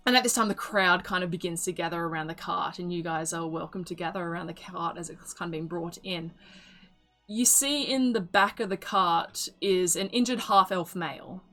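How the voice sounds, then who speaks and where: A woman's voice: on the low side, a bit bright. A woman narrating a tabletop game as game master in a casual, rambling way. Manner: casual, filler-heavy narration.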